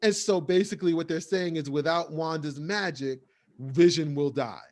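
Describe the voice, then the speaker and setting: A man's voice: a little high, moderate pace, darkish tone. A man co-hosting a podcast, casually reviewing a TV episode in a rambling way, with lots of fillers. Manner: rambling, filler-heavy recap. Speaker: podcast co-host.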